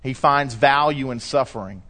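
A male pastor delivering a lively sermon, telling stories and acting out voices as he preaches. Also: mid-range voice, moderate pace. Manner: animated storytelling preacher, shifting pace, acts out quotes.

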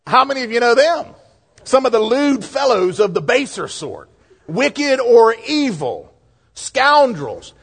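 A middle-aged man with a Southern US accent, a pastor preaching a sermon in a folksy, lively way with asides and jokes. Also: extremely high pitch, a little slow, slightly rough.

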